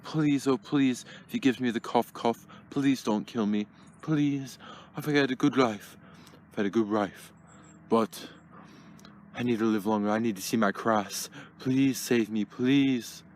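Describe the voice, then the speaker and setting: A man's voice: medium pitch, a little mellow, slight background noise, lightly acted. A man voicing an old, frightened male plush frog in a puppet comedy, begging and praying melodramatically. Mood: pleading. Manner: pleading and melodramatic, slow begging prayers.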